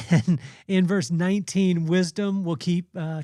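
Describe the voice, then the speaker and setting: A man with a somewhat high voice, recorded dry and close with no room sound. He gives a casual devotional talk as a podcast host. He is earnest and rambling, repeating phrases as he goes. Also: fairly even intonation, a little slow, dark tone, no room sound.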